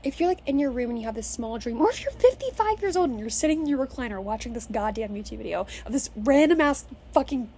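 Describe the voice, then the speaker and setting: A young woman in her twenties, from Las Vegas, talks to her camera from her childhood bedroom in a high voice. She rants with energy, curses freely and leans on "like" as a filler. A faint hum of room noise sits behind her. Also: quick pace, hardly any pauses. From Las Vegas, Nevada. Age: 20s. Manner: profane, energetic, filler-heavy with "like". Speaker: vlogger. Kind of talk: casual motivational rant to camera.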